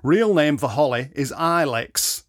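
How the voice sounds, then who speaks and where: A blunt, brisk carpet fitter who never minces words, played by a man reading aloud. His delivery is mocking and matter-of-fact, with husky edges. The recording is close and dry. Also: mid-range voice, sing-song, no room sound.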